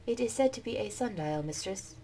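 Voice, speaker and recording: A woman voicing a calm, formal male robot servant who speaks politely and deferentially. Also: medium pitch, fairly quick, lightly acted, poor audio. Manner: polite, formal, says "mistress". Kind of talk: game dialogue read-aloud.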